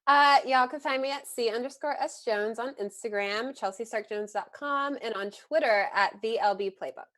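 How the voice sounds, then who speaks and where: A woman co-hosting a casual recap show, telling gossip in a chatty, relaxed way. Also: on the high side, normal speed, few pauses. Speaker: co-host sharing gossip. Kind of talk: casual chat.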